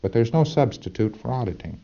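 A man's voice: mid-range voice, animated, fairly quick, gravelly, dark tone, highs cut off. A man lecturing trainees in a folksy, emphatic way, with rhetorical asides to his listeners.

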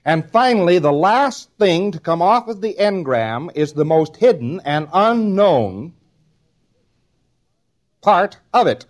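A man's voice: sits high, animated, takes it slowly. A man delivering an informal spoken lecture in a conversational, wry manner, now and then acting out short quotes.

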